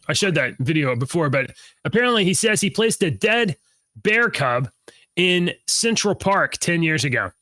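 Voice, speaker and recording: Bright, higher-voiced rambling podcast guy. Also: big pitch swings, a little slow, no echo, studio quality. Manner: rambling, self-interrupting, laughs at own jokes. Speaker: podcast co-host. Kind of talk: casual chat.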